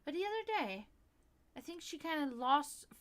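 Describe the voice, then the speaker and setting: A woman with a slightly high voice hosts her livestream in loose, casual chat. She rambles from one story to the next, swears freely and often breaks into laughter. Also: very animated, normal speed. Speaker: livestream host.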